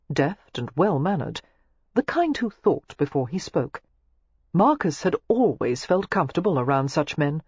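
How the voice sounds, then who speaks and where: An audiobook narrator reading a novel in a measured storytelling manner, with a husky voice. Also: mid-range voice, a little mellow, dry recording, dull audio. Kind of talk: scripted narration.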